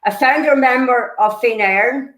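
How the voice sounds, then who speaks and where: A woman's voice: on the high side, a little slow, fairly bright tone, reverberant, low-quality recording. A woman presenting local history, earnest and explanatory, with many fillers and restarts. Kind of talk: illustrated history talk.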